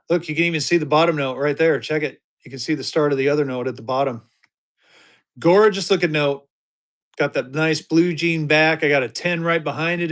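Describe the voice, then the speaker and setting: A man's voice: fairly high pitch, fairly bright tone. A man hosting a live-stream auction, chatting upbeat with bidders and hyping each item as he sells it.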